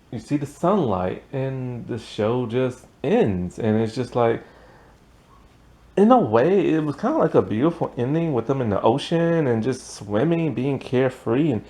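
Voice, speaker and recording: A man's voice: medium pitch, darkish tone. A man giving a casual, rambling recap of a TV episode, peppered with "like" and laughing at the plot. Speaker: TV show reviewer.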